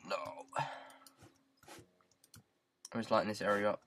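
A man's voice: on the low side, fairly even intonation, a little fast, fairly bright tone, a little hiss or hum. A man with a British accent giving casual, rambling gameplay commentary into a headset mic, goofing around and repeating words in silly riffs. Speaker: gaming YouTuber.

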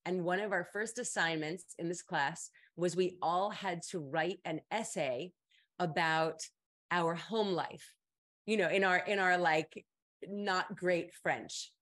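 A middle-aged woman, host of an advice stream, telling a story in a casual chat and jumping into high voices to quote people. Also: slow pace, a bit bright.

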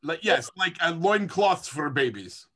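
A jokey, excitable player talking through a tabletop game. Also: medium pitch, measured pace. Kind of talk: casual tabletop game play.

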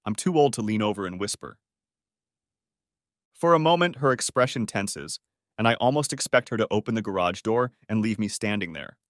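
Male audiobook narrator, expressive, animated pitch, dry close sound. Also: normal speed, no echo. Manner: expressive storytelling. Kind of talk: scripted narration.

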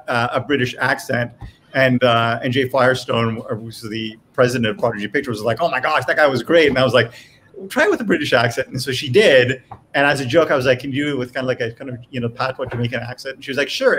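A man's voice: mid-range voice, a little hiss or hum. A man, a writer and showrunner, talking casually on a panel with lots of restarts and small hesitations. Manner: relaxed, hesitant, with many restarts.

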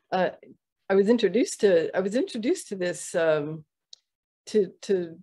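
Middle-aged female guest, gravelly low voice, rambling conversational storytelling with fillers. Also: a little mellow. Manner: halting, many fillers and restarts. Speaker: interview guest, Ayurvedic practitioner.

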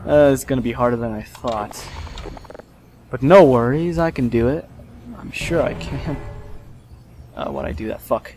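A man hosting a let's play, commenting live on gameplay with excitable, frustrated outbursts and swearing. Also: mid-range voice, normal speed, long pauses, faint music behind.

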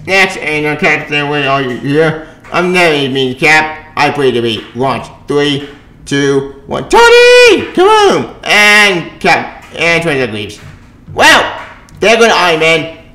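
A man's voice: a little high, sharp tone. Rambling man in an echoey room. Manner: rambling, sarcastic, with many restarts. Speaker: comic book reviewer. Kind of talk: casual rambling review. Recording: roomy echo.

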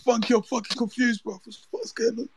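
A man's voice: very high-pitched, fairly even intonation, moderate pace, gravelly, husky. A man co-hosting a casual banter show, roasting a guest with mocking insults. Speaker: co-host.

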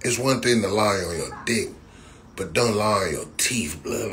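Lowish-voiced man, rambling. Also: animated, unhurried, fairly bright tone, slight background noise. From Compton, California. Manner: rambling, repetitive trash talk, laughing. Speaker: livestream host. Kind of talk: casual livestream roasting.

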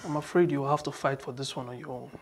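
An actress playing a calm, stern charm healer who speaks in a measured, firm way. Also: female voice, rumbling low, a little hiss or hum.

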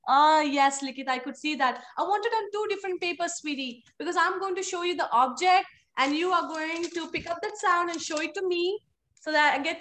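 A woman's voice: sits high, a bit bright. A woman teaching a live online phonics class to young children, encouraging and playful in a sing-song way.

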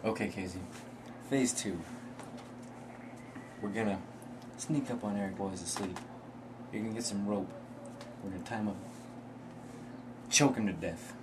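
A man's voice: lowish voice, moderate pace, long pauses, distant mic, close to an everyday voice. A man acting a hotheaded young man who plots against his roommate in a homemade comedy film, blunt and short-tempered, recorded with noisy camera audio. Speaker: amateur film actor.

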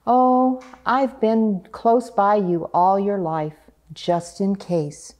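A woman voicing a calm, kindly male figure of Death in a storybook reading, soft and patient. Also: medium pitch, very slow. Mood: gentle.

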